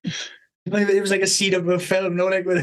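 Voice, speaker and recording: A man, hosting a podcast, who tells a rambling, animated story, swearing constantly and laughing partway through. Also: sits high, unhurried, rough recording. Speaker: podcast host. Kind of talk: casual storytelling chat.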